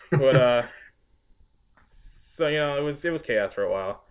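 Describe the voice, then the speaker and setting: A man's voice: medium pitch, normal speed, pauses often. Man telling a story over tinny audio. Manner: laughing, profane, exasperated storytelling. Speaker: podcast host; restaurant cook. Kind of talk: casual storytelling chat.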